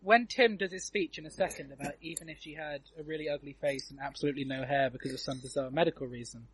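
High-voiced chatty man hosting. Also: fast, slightly rough. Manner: chatty, laughs often. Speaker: podcast host. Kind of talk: casual film commentary chat. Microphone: video call.

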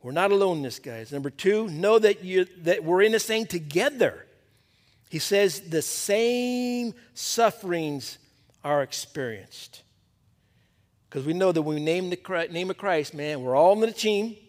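A male pastor giving a sermon to a men's Bible study, preaching in a conversational, emphatic way that drops to a hush at times. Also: sits high, lively intonation, measured pace.

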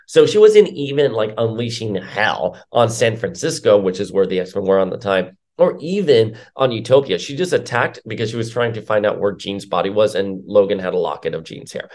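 A man's voice: lowish voice, expressive, normal speed, few pauses, darkish tone. A man giving casual, opinionated commentary as a comic book reviewer, rambling with filler words.

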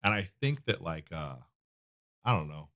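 Low-voiced man telling stories casually. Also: animated, measured pace, sharp tone. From United States. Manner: loose storytelling with frequent fillers and restarts. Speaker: podcast guest, donut shop owner. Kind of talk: casual conversation.

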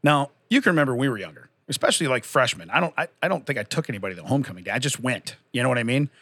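A man's voice: mid-range voice, animated, racing, bright, forceful tone, husky, no echo. A man in his forties telling long, rambling stories and laughing often as a podcast host in casual chat.

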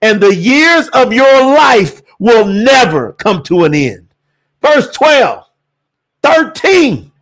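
A man teaching scripture on a livestream, preacherly and animated, bursting into shouts. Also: very high voice, takes it slowly. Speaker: Bible teacher and livestream host.

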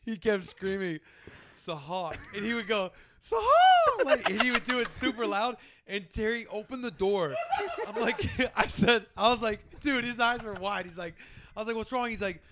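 Profane high-voiced man telling stories. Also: normal speed. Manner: profane, animated storytelling with voiced quotes. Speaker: storyteller among coworkers. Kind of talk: casual chat. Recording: noisy background.

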